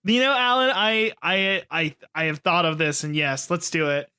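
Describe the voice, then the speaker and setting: A man with a sharp, bright voice that sits a bit high co-hosts a loose comedy podcast. He agrees quickly with short interjections and adds wry jokes. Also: smooth. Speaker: podcast co-host. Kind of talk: casual comedic chat.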